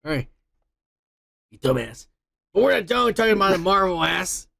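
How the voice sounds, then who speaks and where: A man's voice: high-pitched, very animated, normal speed, vocal fry, a bit bright, no room sound, studio quality. A man co-hosting a casual podcast, recapping nerd news in crude, teasing banter. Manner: crude, teasing, paraphrases others in quotes. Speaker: podcast co-host.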